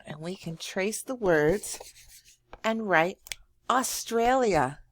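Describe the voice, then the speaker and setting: A woman teacher speaks very slowly to young children, her lowish voice swooping up on words of praise. She draws words out and hums while thinking. The sound is dry and close. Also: lively intonation, no echo. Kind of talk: slow, encouraging lesson for young children.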